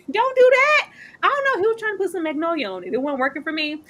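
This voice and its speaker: A woman hosts a casual TV recap with a fairly high voice. She talks in an animated, playful way and often acts out quoted lines. She laughs easily between points. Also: rapid-fire. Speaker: host of a TV recap show.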